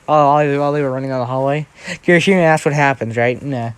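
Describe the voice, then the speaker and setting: The recording is clean and echo-free as a young man with a medium-pitched voice speeds through a casual fan-fiction story. He meanders, restarts often, and sprinkles in "right?" again and again.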